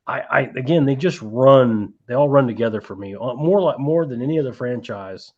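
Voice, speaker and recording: A man hosts a loose live stream about movie collecting, wandering between topics and swearing as he reads from the chat. His voice sits at an ordinary pitch for a man. The stream audio is dull and lo-fi. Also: brisk, few pauses, a little mellow. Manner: rambling, profane, reads chat aloud.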